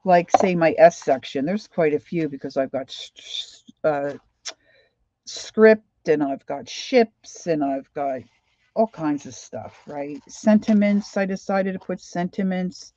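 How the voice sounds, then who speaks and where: A woman's voice: fairly low pitch, takes it slowly, mellow, muffled recording. An older woman with a Philadelphia accent, chatting casually on a craft livestream and greeting viewers by name. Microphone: desk microphone.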